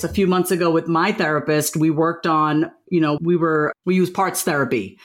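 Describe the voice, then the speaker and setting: This is a woman, a guest in a relaxed interview. Her voice sits fairly low, but it jumps up whenever she drives a point home. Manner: emphatic, rising high on key points. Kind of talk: casual interview talk.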